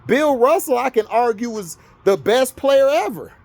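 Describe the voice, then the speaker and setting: Fired up guy from florida arguing sports, high voice swinging all over. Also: expressive, moderate pace, creaky, darkish tone. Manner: heated, argumentative, scolding. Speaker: vlogger. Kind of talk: sports rant to camera.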